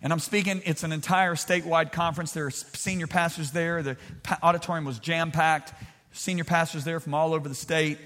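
A man preaching a sermon emphatically, calling on the congregation to answer aloud and swinging between shouts and quiet storytelling. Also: a little high, fairly even intonation, fairly quick, long reverb tail.

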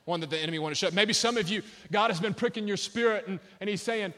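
A man's voice: sits high, fast, hardly any pauses, sharp tone. A male pastor preaching a sermon to a large church crowd, passionate and building to emphatic peaks.

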